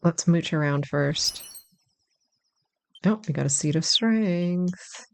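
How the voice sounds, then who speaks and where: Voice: mid-range voice, slow pace, creaky, a little hiss or hum. A gameplay commentator chatting casually and thinking aloud in a self-deprecating way while playing a role-playing game. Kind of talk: casual let's-play commentary.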